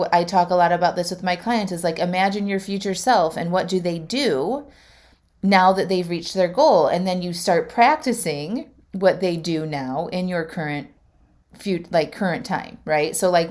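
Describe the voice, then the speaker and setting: A woman's voice: fairly low pitch, normal speed, darkish tone. A woman life coach telling a personal story in a casual, heartfelt monologue, talking straight to her listeners with plenty of fillers. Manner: chatty, heartfelt, many "like" fillers; addresses listeners directly.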